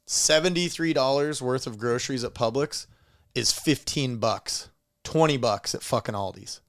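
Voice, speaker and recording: Swearing, animated storyteller man. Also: mid-range voice, moderate pace. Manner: animated storyteller, swears a lot, acts out sounds. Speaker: podcast co-host. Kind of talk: casual podcast chat.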